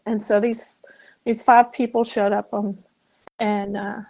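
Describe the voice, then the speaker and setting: A woman in her sixties from South Carolina, a podcast guest telling a personal story in a soft, halting, reflective way. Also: mid-range voice, level tone. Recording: muffled lo-fi audio.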